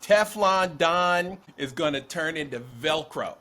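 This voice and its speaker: A man with a high, lively voice co-hosts a casual political chat. His tone is bright and forceful, and he drives each point home with emphatic insistence. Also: a little slow, slight background noise. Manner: animated, emphatic, predicting. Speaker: podcast co-host.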